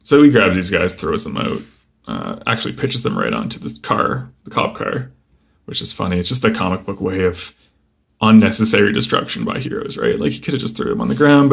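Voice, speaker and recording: A young man casually flipping through a comic book and chatting about each page, relaxed and rambling with lots of fillers. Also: deep voice, a little fast, vocal fry. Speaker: comic book video host.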